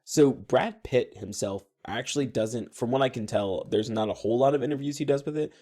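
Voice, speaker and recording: A young man co-hosting a podcast, chatting casually and laying out facts in a relaxed way. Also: medium pitch, a little fast. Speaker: podcast co-host. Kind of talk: casual chat.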